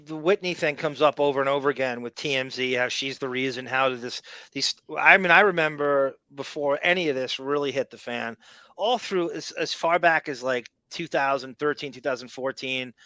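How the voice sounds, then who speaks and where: A man hosts a podcast, talking over clips in a rambling, opinionated way with salty language. His voice is bright and forward, and the sound is dry and close. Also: mid-range voice, normal speed, clean tone, no room sound. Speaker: podcast host. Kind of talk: casual commentary over played audio.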